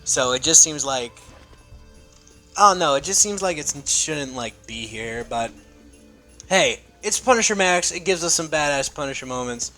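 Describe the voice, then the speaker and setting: A man's voice: a little high, expressive, moderate pace, pushed and bright, soft background music. A young man casually reviewing a comic, rambling and swearing with enthusiasm.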